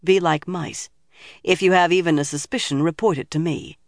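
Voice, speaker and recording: A man's voice: on the high side, fairly even intonation, moderate pace, vocal fry, dry recording. A man voicing a dry, authoritative older woman leader in an audiobook reading. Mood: commanding.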